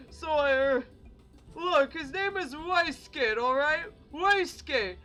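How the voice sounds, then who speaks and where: A woman's voice: sits high, bright, forceful tone, rough recording. A woman reading a panicky lying adventurer man. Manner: pleading, rushed excuses. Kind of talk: reading game dialogue aloud. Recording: faint game music behind.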